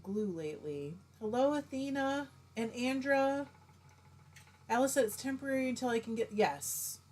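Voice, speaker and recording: A woman's voice: fairly high pitch, slight background noise. A middle-aged woman hosting a casual live stream, chatting and greeting viewers by name as she reads their comments.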